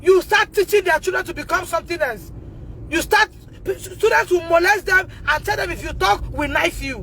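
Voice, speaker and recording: A Nigerian woman with a Nigerian English accent, speaking out on a phone livestream, emotional and repetitive, rising to shouts and tearful at times. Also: very high voice, slight background noise, rough recording. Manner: emotional, repeats herself, rises to shouting. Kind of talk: impassioned livestream testimony.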